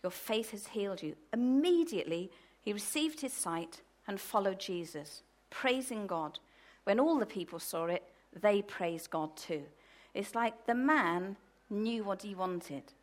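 A woman preaching a sermon from the UK, telling stories in a lively way with loud, emphatic bursts. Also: medium pitch, measured pace.

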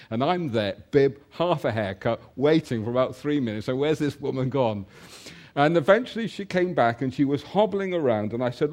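A man preaching a sermon, telling a personal story and then reading scripture, slowing down to stress key points. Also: mid-range voice. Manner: animated storytelling, slows for emphasis.

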